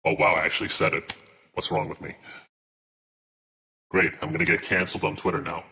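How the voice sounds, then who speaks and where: A man's voice: a bass voice, level tone, brisk, pushed and bright, a little hiss or hum. A man chatting casually on a live stream, ranting in exasperation and swearing as he reads his chat aloud.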